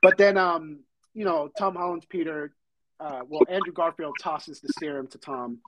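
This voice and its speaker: A man hosting a podcast, excitedly retelling a film scene by scene in casual chat with lots of fillers. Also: fairly high pitch, normal speed, heavy background noise. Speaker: podcast host. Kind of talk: casual movie recap chat.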